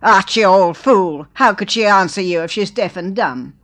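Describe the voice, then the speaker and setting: A woman doing a gruff old husband. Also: medium pitch, normal speed, natural voice. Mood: exasperated. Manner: bursting out forcefully. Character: gruff elderly husband, exasperated.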